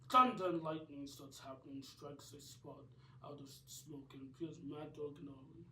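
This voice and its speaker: A man narrating his own amateur cartoon in a plain, halting way, with roomy echo from a distant mic. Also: on the high side, sharp tone. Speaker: narrator and creator.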